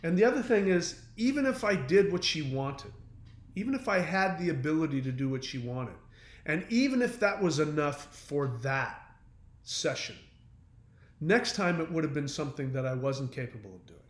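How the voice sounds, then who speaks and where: A man's voice: a little high, lively intonation, normal speed, echoey room. A man hosting his own channel, talking through relationship advice in a casual, earnest monologue full of fillers and restarts. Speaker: self-help channel host.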